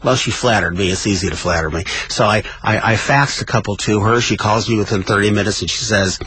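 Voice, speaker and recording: A man's voice: on the low side, fairly quick, breathy edge, low-quality recording. A man co-hosting a radio talk show, chatting and reading book passages aloud with growing emotion. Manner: reads aloud with mounting emotion, shouts quoted lines.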